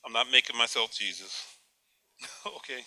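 A man's voice: mid-range voice, normal speed, bright, forceful tone. A man preaching a sermon, firing off rhetorical questions, repeating words as he goes and chuckling at his own points.

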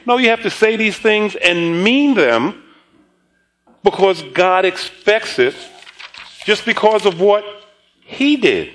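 A middle-aged man preaches a sermon, his voice sitting a little high for a man. He tells stories with frequent chuckles and stumbles over repeated words before pressing on. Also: lively intonation, slow, pauses often, a bit bright, slight background noise, low-quality recording. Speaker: pastor.

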